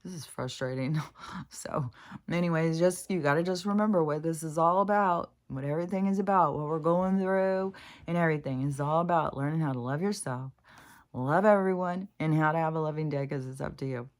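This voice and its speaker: A woman's voice: low-pitched, a little fast. A woman in a casual, rambling spiritual vlog, talking frankly to her viewers, swearing freely and ranting at times. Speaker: spiritual vlogger.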